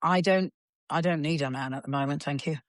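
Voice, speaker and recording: A woman's voice: low voice, a little fast, no room sound, clean studio sound. A woman in her sixties, an actress chatting as a guest in a theatrical way, calling people darling and dear. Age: 60s. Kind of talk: casual chat.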